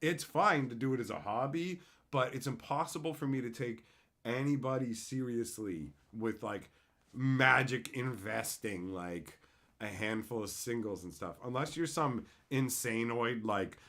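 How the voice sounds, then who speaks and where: Profane, animated male streamer ranting. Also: mid-range voice, measured pace. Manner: animated, sarcastic and profane, answering chat. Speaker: streamer host. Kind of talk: profane livestream rant.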